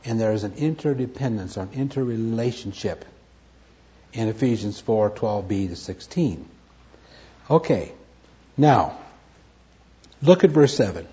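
A man's voice: mid-range voice, big pitch swings, moderate pace, dark tone. A man teaching a Bible study lecture, stressing key words, repeating them and asking and answering his own questions. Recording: dull lo-fi recording.

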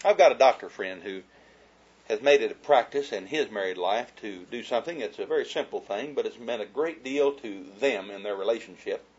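A man's voice: lowish voice, lively intonation, brisk, a little mellow, breathy edge, dull audio. A man giving a humorous, folksy talk about marriage to an audience, telling stories and chuckling as he goes. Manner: folksy storyteller, chuckling as he talks.

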